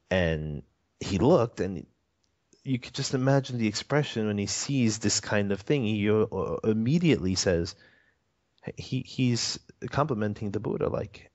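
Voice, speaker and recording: Male interview guest, casual rambling storyteller, very low voice, muffled recording. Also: darkish tone. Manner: rambling, many fillers and restarts, chuckles often. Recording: dull lo-fi audio.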